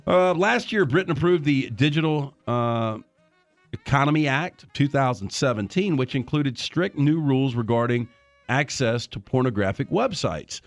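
A man's voice: medium pitch, expressive, no room sound, faint music behind. A man hosting a radio show, reading odd news stories and then joking about them with his co-hosts. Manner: reads stories briskly, then jokes around.

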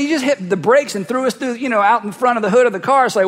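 A pastor delivering a sermon through a cheek-worn headset mic, swinging from loud bursts to hushed asides as he acts out voices. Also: sits high, lively intonation, quick pace, in a large hall. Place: large church hall.

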